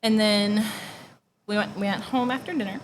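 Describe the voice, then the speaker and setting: Speaking conversationally, a young woman gives a personal testimony peppered with "like," her voice sinking to near-whispers when things get painful. She talks at normal speed in a steady, mid-range voice. The recording is low quality, with slight background noise.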